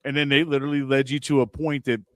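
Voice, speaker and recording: A man's voice: medium pitch, little pitch movement, fast, no room sound. A man from the Los Angeles area co-hosts a podcast with a reflective, easygoing delivery and a middle-range voice. He keeps checking in with his listener as he talks. The recording is dry and close. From Los Angeles County. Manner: reflective, conversational, leans on "you know what I mean". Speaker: podcast co-host. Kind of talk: casual chat.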